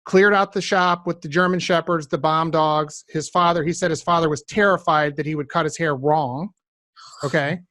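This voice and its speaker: Male podcast host, slightly high voice, dry close sound, addresses listeners, storytelling. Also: steady tone, normal speed, fairly bright tone, no room sound. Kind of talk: conversational interview.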